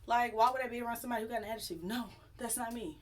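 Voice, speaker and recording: A young woman telling a personal story to her viewers in a chatty, animated, sassy way. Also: fairly high pitch, rapid-fire. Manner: chatty, animated, sassy retelling with acted quotes. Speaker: YouTube storyteller. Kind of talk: casual storytime vlog.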